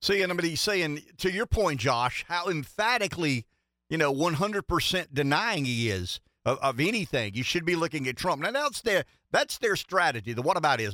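A man's voice: a little high, sing-song, moderate pace, bright, forceful tone, no room sound, clean studio sound. A man in his sixties hosting political talk radio, rambling emphatically with many restarts. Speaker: radio talk show host.

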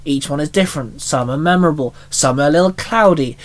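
A blunt young princess from another realm explains things calmly and matter-of-factly, read by a man in his own slightly high voice. She sounds curt and settled, a storybook royal. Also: quick pace, lightly acted. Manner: calm, matter-of-fact, curt. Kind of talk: reading a fan story aloud.

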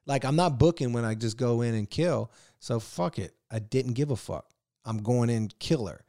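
A man from Virginia telling animated stories as a podcast guest, cursing freely in casual chat. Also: mid-range voice, moderate pace, no echo, studio quality. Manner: animated, profane, laughing storyteller. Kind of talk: casual storytelling.

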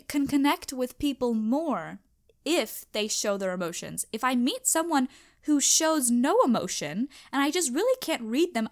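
Animated young woman chatting solo. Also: high voice. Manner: animated, emphatic, self-reflective. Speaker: podcast host. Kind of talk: casual solo chat.

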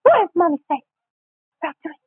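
A woman voicing a mother scolding her son in a quick sing-song tone. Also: extremely high pitch, expressive, no echo, pitched above the performer's own voice. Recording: tinny phone-like sound.

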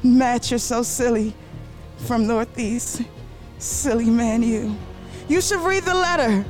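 A woman's voice: fairly high pitch, slow pace, a little mellow. A storyteller voicing a sassy wife who teases her husband, with music playing behind. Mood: teasing. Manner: sassy teasing. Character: teasing wife, playful and sassy.

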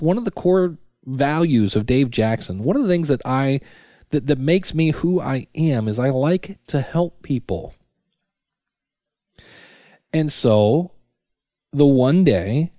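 A man's voice: mid-range voice, warm tone, dry recording, clean studio sound. A middle-aged man hosting a casual solo podcast from his basement, chatty and full of restarts and self-talk asides. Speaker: podcast host. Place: home basement. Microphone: studio microphone.

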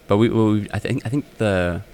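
A man co-hosting a casual theology podcast, talking in a relaxed, rambling way over a phone line. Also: fairly low pitch, normal speed, a little hiss or hum. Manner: relaxed, rambling, self-correcting. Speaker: podcast co-host. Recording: dry phone-line recording.

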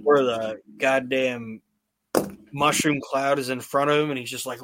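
A man's voice: medium pitch, fairly even intonation, unhurried, background noise. A male podcast host recapping old wrestling shows in casual, profanity-laced storytelling.

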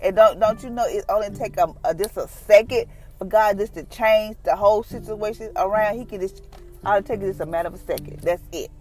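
A middle-aged woman hosting a devotional podcast, talking casually and earnestly and telling her own story in an animated, conversational way. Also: mid-range voice, brisk, faint music behind. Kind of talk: casual devotional talk and personal testimony.

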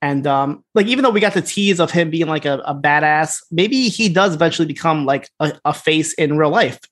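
A man co-hosting a podcast, casually recapping a TV episode and acting out its dialogue in quick bits. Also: on the high side. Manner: animated retelling, acts out scene dialogue. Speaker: podcast co-host.

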